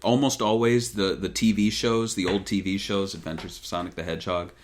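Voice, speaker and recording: A man's voice: low-pitched, brisk, a little hiss or hum. A man co-hosting a gaming podcast, chatting casually and jokingly, often trying out character voices. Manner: relaxed, jokey, tries out voices. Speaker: podcast host.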